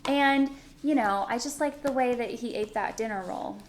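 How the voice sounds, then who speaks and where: A woman's voice: on the high side, moderate pace, slight background noise. A woman co-hosting a casual podcast, chatty and playful with lots of fillers. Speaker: podcast co-host. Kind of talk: casual chat.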